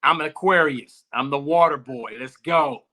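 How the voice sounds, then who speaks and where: A man co-hosts a casual podcast, animated and quick to laugh. His voice rides high and swings widely in pitch, with a bright edge. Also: creaky. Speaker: podcast co-host. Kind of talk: casual chat.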